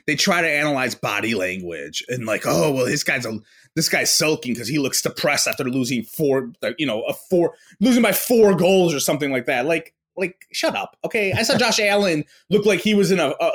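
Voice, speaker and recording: A man's voice: on the high side, a bit bright. Ranting, cursing man on a podcast. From New York. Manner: ranting, profane, full of fillers and restarts. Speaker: podcast guest. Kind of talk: casual sports podcast chat.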